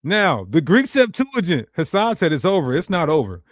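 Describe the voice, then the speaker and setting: A man's voice: on the high side, very animated, normal speed, no room sound, studio quality. Emphatic man teaching to his viewers. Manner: emphatic, rhetorical, addresses viewers directly. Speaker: ministry teacher. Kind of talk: animated teaching presentation.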